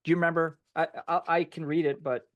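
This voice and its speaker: A man's voice: a little high, little pitch movement, fast, no echo, highs cut off. A man hosting a conversational interview, asking questions in a casual, affirming way. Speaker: podcast host.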